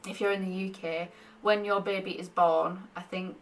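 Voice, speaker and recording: A woman's voice: mid-range voice, fairly even intonation, normal speed, far from the mic. A young woman in pregnancy, chatting casually to camera and often short of breath, laughing between thoughts. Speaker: vlogger sharing pregnancy updates.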